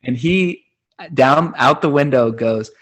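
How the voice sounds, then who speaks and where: A man's voice: mid-range voice, slow. A man in his thirties, a podcast host, telling a personal story in a rambling, casual way with many fillers and restarts. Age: 30s.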